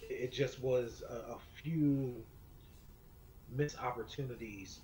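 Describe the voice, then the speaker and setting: A man co-hosting a casual sports talk podcast, speaking in a measured way with frequent ums. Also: medium pitch, steady tone, a little mellow, rough recording. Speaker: podcast co-host.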